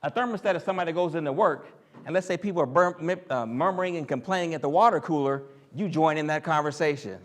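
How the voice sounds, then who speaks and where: A man giving an animated sermon, acting out quoted voices and joking with the listeners. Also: fairly high pitch, quick pace. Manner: animated, acts out quoted voices and jokes with the crowd. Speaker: speaker in a church teaching series.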